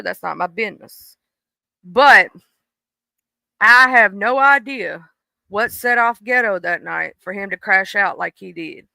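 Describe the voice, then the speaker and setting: Host for a home livestream: blunt, preachy, smooth crisp voice. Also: mid-range voice, sharp tone, no echo. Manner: blunt, preachy, swears freely. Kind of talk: casual livestream commentary. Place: home room. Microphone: desk microphone.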